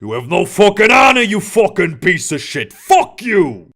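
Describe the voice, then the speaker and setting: A man's voice: sits high, very animated, unhurried, a bit bright, heavily acted. A man voicing a furious male orc thug who roars and swears in an audiobook story. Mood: enraged. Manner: roaring, swearing.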